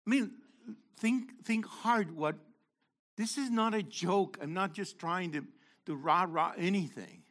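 An older man, his voice sitting high and his pace a little slow, preaches an interactive sermon. He asks the congregation questions, calls on people, and moves from loud exhortation to quiet asides.

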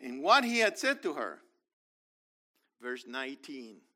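A man's voice: mid-range voice, very animated, a little slow, bright, forceful tone. A man teaching from the Bible, reading verses aloud and explaining them with enthusiasm.

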